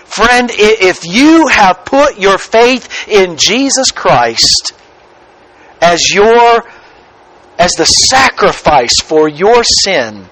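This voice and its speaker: Pastor guy giving a sermon, pretty high voice, leans hard on key words. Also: lively intonation, a bit bright, low-quality recording. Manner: slow, emphatic preaching with drawn-out key words.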